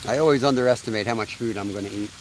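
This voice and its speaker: A man's voice: fairly low pitch, racing, a little hiss or hum, poor audio. A man in his thirties hosting a live fishing stream outdoors by a creek, chatting in a laid-back way and laughing often. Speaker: fishing livestream host. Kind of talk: casual live-stream chat.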